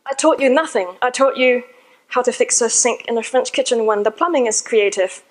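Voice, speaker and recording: A woman's voice: fairly high pitch, normal speed, low-quality recording. A woman giving a talk to a live audience, telling a story in a chatty, informal way. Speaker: conference speaker. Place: in front of a seated audience.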